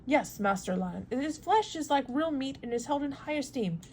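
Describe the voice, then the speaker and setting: A woman reading a storybook aloud, voicing a calm, commanding male ship captain in a measured, assured way. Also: high voice, a little hiss or hum, voice pushed up.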